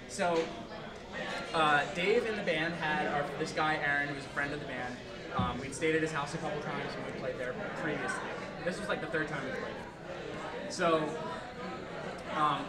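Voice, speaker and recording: A man on stage at a small live music venue, telling a rambling anecdote between songs, laughing and saying "like" a lot. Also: sits high. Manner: rambling, laughing, lots of "like" fillers. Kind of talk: storytelling banter between songs. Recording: echoey room, distant mic, loud crowd.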